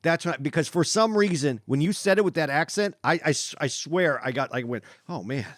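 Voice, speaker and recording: A man's voice: fairly high pitch, brisk, no room sound, studio quality. A man co-hosting a podcast, talking earnestly and reflectively in casual chat. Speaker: podcast co-host.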